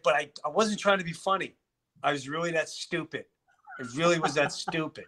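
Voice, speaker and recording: A middle-aged man spins a story in loose conversation, his voice bright and forward and sitting a little high for a man. He swears freely and slips into the voices of the people he quotes. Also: normal speed. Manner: animated, swearing, acts out quotes. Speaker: guest. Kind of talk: casual storytelling chat.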